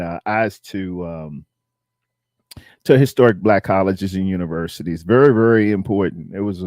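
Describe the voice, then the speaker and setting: A man's voice: fairly low pitch, darkish tone, no room sound. A middle-aged man, hosting a casual live stream and rambling as he chats with his viewers. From Virginia.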